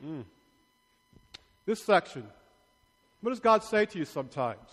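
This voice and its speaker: A male priest preaches with a high, light voice at an unhurried pace. He teases and quizzes his congregation in a playful way. His voice rings out with the long reverb of a large church. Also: very animated, fairly bright tone. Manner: playful, asks the congregation questions. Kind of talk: sermon.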